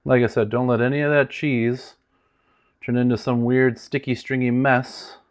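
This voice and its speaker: A man's voice: mid-range voice, normal speed. A man hosting a casual cooking demonstration in a home kitchen, chatty and joking, his voice sometimes drifting away from the mic. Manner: chatty and joking, with lively swings in loudness. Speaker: home cook host.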